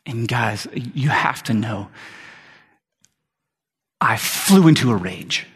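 A man's voice: mid-range voice, expressive, takes it slowly, pauses often, husky, in a large hall. A middle-aged male pastor giving an earnest, conversational sermon with frequent restarts.

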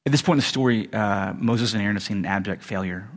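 A man preaching a sermon in a conversational way, correcting himself mid-sentence and rising into animated asides. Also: on the low side, quick pace. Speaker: pastor.

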